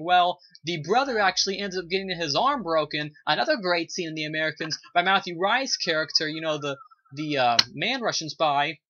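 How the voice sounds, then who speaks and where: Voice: mid-range voice, expressive, brisk, bright, forceful tone. A video reviewer talking casually about a TV episode, rambling with lots of fillers and gushing praise. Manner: rambling, heavy use of "you know" and "uh" fillers. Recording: dull lo-fi recording.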